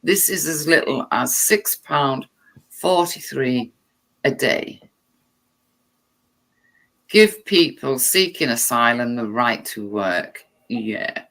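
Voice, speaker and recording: A vlogger reads text aloud slowly and unhurriedly, her gravelly voice full of vocal fry, and she keeps stopping for sarcastic, irritated asides. Her tone remains bright and tense throughout, while the voice is bass and expressive.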